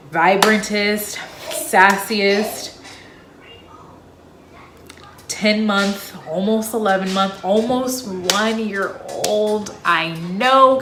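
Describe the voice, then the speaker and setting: A woman's voice: medium pitch, noisy background. A young woman talking casually to camera as a vlogger, telling a personal story in a chatty, loose way with lots of fillers. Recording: echoey room.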